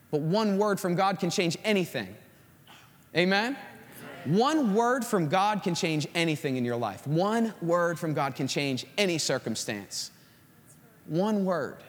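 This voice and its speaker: A man preaching a sermon to a congregation, acting out stories in an animated way. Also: high-pitched, long reverb tail. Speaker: pastor.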